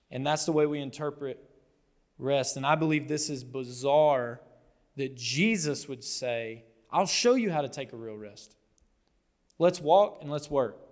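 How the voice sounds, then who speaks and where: A man preaching a sermon as pastor, telling the story conversationally and acting out the quotes with animation. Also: mid-range voice. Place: church hall. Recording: long hall reverb.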